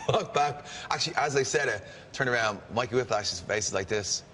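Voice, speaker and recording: A man's voice: fairly low pitch, fast talker, pushed and bright, a little hiss or hum. A man telling a wrestling story in casual chat, laughing and rambling along. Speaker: wrestling podcast guest.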